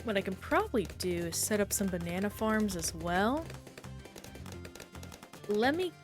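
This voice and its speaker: A woman's voice: mid-range voice, very animated, unhurried, music in the background. A woman streamer chatting casually while playing a game and answering chat, talking in a self-reflective, rambling way.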